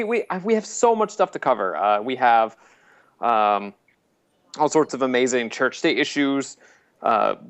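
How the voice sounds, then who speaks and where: A man's voice: medium pitch, fairly bright tone, smooth. A man hosting a casual podcast, rambling with many fillers and frequent laughs. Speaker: podcast host.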